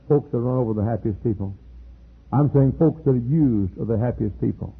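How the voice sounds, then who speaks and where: Older man preaching, husky voice, mid pitch, animated sermon delivery, thin phone-like archive sound. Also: quick pace. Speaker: pastor. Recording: tinny phone-like archive recording.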